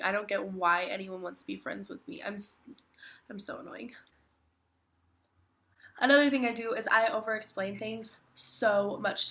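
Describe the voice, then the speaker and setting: A woman's voice: on the high side, pushed and bright. A teenage girl, sick and stuffy, chatting casually to camera in a self-mocking way, saying "like" constantly. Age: teens. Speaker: vlogger. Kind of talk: casual chat.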